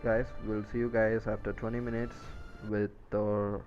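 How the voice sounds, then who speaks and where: A low-voiced man breaks down a live esports match in an even, nearly flat tone. He talks steadily and without hurry, while game music plays loudly behind him. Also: moderate pace, muffled recording. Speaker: esports co-caster.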